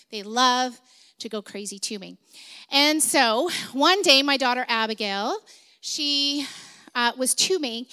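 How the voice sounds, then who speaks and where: Middle-aged woman preaching, high bright voice, talks casual with lots of ums and asides. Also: clean tone. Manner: conversational, with many fillers and asides. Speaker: speaker at a church service. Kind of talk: sermon with storytelling.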